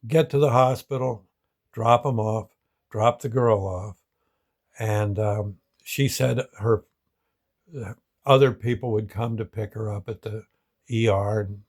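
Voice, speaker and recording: A middle-aged man, casually telling a story from his ambulance work in a folksy, halting way. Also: fairly low pitch, a little mellow. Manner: folksy, halting, full of restarts. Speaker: show host telling an ambulance call story.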